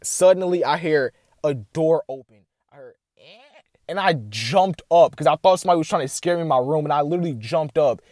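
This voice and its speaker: A young man chatting casually to camera and recounting a dream, rambling with lots of filler words and animated bursts. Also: on the high side, brisk, no echo, studio quality. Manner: rambling, heavy "like" filler, addresses "guys"; excited and animated retelling. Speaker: vlogger sharing a dream.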